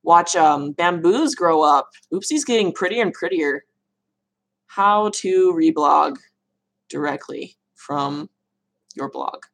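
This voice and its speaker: Slow and expressive, her low voice carries a casual livestream where she answers viewer questions about reptiles. As a reptile keeper replying to live chat, she laughs at her own mispronunciations.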